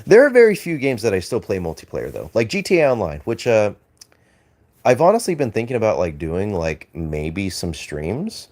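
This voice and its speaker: Low-voiced Australian man rambling on stream. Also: wildly swooping pitch, normal speed, a little mellow. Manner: rambling, hesitant, many fillers and restarts; laughs easily, swears casually. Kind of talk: casual live-stream chat, reading and answering chat.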